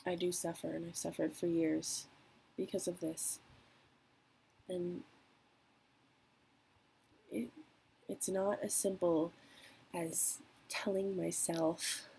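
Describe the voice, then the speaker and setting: A young woman speaking candidly and emotionally in a personal vlog, with trailing pauses. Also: on the low side, level tone, creaky, mellow, slight background noise, rough recording. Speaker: vlogger.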